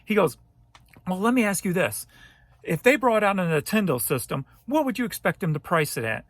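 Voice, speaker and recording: A man, a thrift reseller, telling a story straight to camera in a casual, animated way, cursing now and then. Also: high voice, fairly quick, no room sound. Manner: animated, profane ranting retelling.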